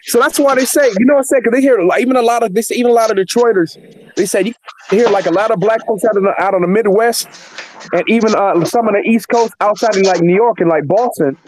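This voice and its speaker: A man's voice: sits high, fast, a little hiss or hum. A man hosting a casual chat. He talks emphatically and repeats phrases as he builds his point. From Northern California. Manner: animated, repeats himself, emphatic. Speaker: host.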